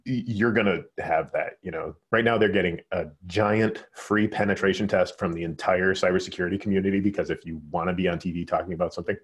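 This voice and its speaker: Brief: low-voiced American male podcast host, quick and jokey, recorded over a video call. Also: steady tone. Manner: quick, joking, trails into restarts. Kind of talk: casual chat. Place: home, remote call.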